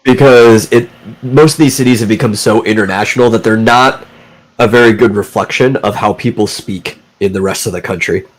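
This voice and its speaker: Low-voiced man giving steady advice. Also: moderate pace, rough recording. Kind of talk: casual live-stream chat.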